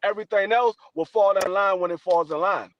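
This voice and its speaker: A man's voice: high-pitched, brisk. Earnest man giving advice, lo-fi sound. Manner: earnest, motivational, repeats himself. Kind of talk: casual podcast talk. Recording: dull dry lo-fi sound.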